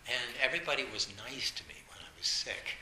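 A man with the flu giving an informal dharma talk as a meditation teacher, telling stories in a gentle, musing way. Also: medium pitch, quick pace. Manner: gentle, musing storyteller acting out family quotes. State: has the flu, coughing. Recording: roomy sound with steady background noise.

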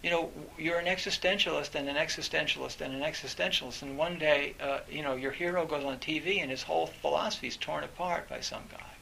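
A middle-aged man, a university professor, giving a reflective talk in a halting way, with many fillers and restarts. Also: fairly high pitch, vocal fry, sharp tone, a little hiss or hum, poor audio.

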